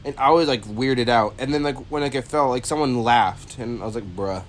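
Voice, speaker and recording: A man's voice: medium pitch, fairly quick, a little hiss or hum. A man co-hosting a casual chat who rambles and complains in an exasperated way, full of "like" and restarts. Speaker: co-host.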